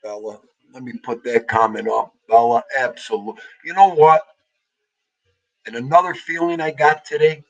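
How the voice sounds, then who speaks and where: A man's voice: medium pitch, fairly even intonation, moderate pace, a bit bright, muffled recording. A middle-aged man hosting a livestream, grieving and tearful as he greets viewers by name in a heartfelt way. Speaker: livestream host.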